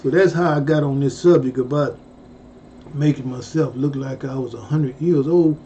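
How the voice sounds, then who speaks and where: A man telling true stories in a casual, profane monologue, jumping to loud, high exclamations. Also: moderate pace, slight background noise. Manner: exclaims loudly, jumping high in pitch and swearing. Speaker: storyteller vlogger. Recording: dull lo-fi recording.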